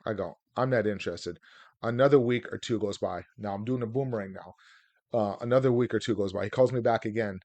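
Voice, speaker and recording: A man's voice: on the low side, a little fast, darkish tone, dry recording. A man teaching real estate deals on a video call, rambling through stories with plenty of filler words. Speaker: real estate investor teaching seller financing. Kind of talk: casual webinar talk.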